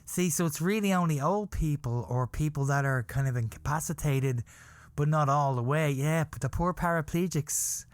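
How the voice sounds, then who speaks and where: A man's voice: on the high side, normal speed, no echo. A man hosting a podcast, telling a rambling comic story about himself and often laughing at his own words. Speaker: podcast host.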